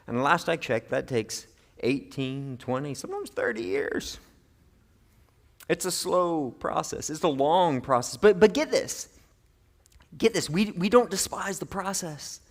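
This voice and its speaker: A middle-aged male pastor giving a sermon in an animated, conversational way, with playful asides. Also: fairly high pitch, measured pace.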